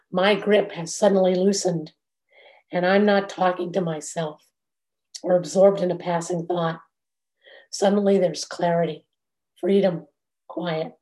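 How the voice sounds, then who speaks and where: A woman meditation teacher giving a dharma talk in a measured, reflective way, with long pauses. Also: fairly low pitch, darkish tone.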